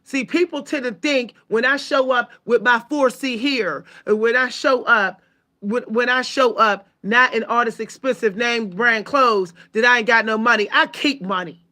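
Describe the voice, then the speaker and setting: A channel host vents her anger to viewers in a profane, emphatic monologue, recounting events with real heat. Her voice is on the high side, pushed and bright, at a moderate pace.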